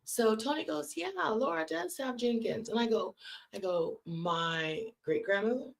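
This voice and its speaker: A woman's voice: on the high side, a little slow, vocal fry. A woman hosting a live stream from California, telling a long personal story to her viewers and acting out the people in it. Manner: animated storyteller acting out quoted voices. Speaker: host.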